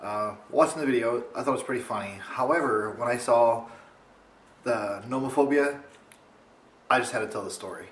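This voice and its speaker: A young man casually telling a funny story to his camera at home, rambling and animated. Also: normal speed, echoey room. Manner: rambling, animated, mimics others in high voice. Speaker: vlogger. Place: home, indoors.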